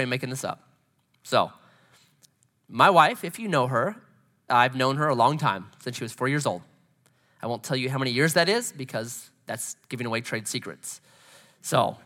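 Bright-voiced preacher man in an echoey hall. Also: on the high side. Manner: animated, conversational preacher who acts out scenes. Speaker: pastor. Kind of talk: sermon with storytelling. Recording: long hall reverb.

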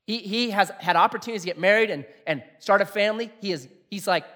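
A middle-aged man preaching a sermon in a jokey, animated way, acting out quotes. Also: high voice, quick pace. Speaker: pastor.

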